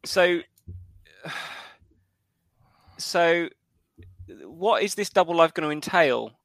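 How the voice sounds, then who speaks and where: A man with a bright, clear voice that leaps up and down as he talks. He chats casually on a podcast and rambles through long, joking plans. His voice sounds dry and close, with no room echo. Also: fairly high pitch, expressive, slow pace. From United Kingdom. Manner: rambling, spins elaborate joking schemes. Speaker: podcast co-host. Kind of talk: casual comedic chat.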